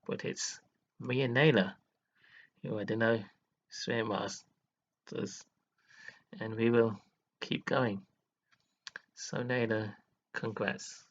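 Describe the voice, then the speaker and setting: A man's voice: lowish voice, steady tone, slow pace, long pauses, highs cut off. A man vlogging to his viewers in an earnest, dramatic way, scolding and praising by turns. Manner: dramatic, scolding and earnest, with sudden laughs and sighs. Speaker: live streamer. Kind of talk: emotional monologue vlog.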